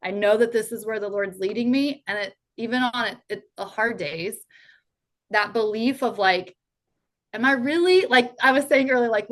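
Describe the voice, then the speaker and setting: A woman's voice: a little high, normal speed, a bit bright. A woman in her thirties, a podcast guest talking in an earnest, heartfelt way, full of casual fillers. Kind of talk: faith podcast conversation.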